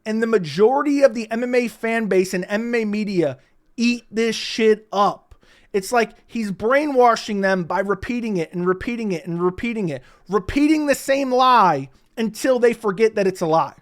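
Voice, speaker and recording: A man's voice: high voice, normal speed. A man giving sarcastic, profane reaction commentary on interview clips.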